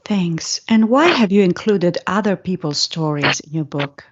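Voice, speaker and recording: Woman interviewer, lowish voice, short polite questions, dull lo-fi audio. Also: animated, a little slow. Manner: brief and polite.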